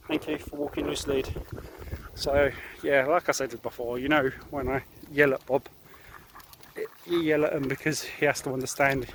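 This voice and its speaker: A man vlogging a dog walk, explaining calmly and giving firm commands to his dog. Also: fairly high pitch, background noise. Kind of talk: casual vlog narration while walking a dog. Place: outdoors in fields and paddocks. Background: light outdoor ambience.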